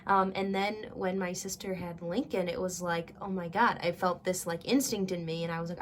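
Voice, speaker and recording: A woman's voice: on the low side, steady tone, normal speed, few pauses, slight background noise. A woman in her twenties hosting a casual crafting tutorial, chatty and thinking aloud as she works. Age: 20s. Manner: chatty, gushing, talks to viewers as "guys".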